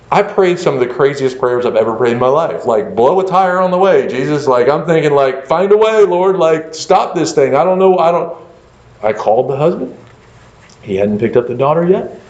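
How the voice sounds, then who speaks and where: A man, a pastor, telling a story in a conversational lecture, animated and full of fillers like "like" and "you know". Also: a little high, moderate pace. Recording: echoey room, dull lo-fi sound.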